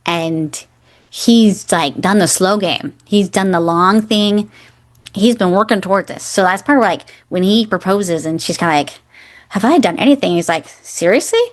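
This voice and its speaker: A woman's voice: fairly low pitch, normal speed. A woman in her forties co-hosting a podcast, chatting casually and enthusiastically about a film, acting out lines as she goes. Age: 40s. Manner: enthusiastic, acts out quoted lines. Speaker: podcast co-host. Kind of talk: casual chat.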